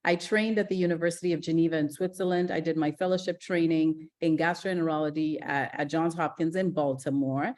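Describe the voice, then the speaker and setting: A middle-aged woman from Ghana, a gastroenterologist giving a lively online masterclass, chatty and energetic, with fillers and restarts. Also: deep voice, brisk, few pauses. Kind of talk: live online masterclass talk.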